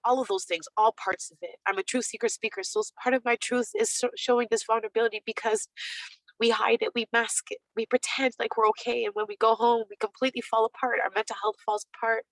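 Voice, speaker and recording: A woman's voice: fairly high pitch, level tone, quick pace, no room sound, low-quality recording. A woman on a video call, speaking as a panelist in earnest, heartfelt testimony with emphatic repetition. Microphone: webcam on video call.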